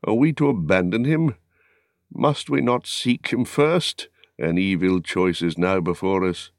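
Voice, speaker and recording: A weary warrior leader speaks solemnly and with measure, as a male reader voices him in an audiobook. The voice is deep and close, with a dry sound. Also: animated, unhurried, no echo. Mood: grave. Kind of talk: audiobook character reading.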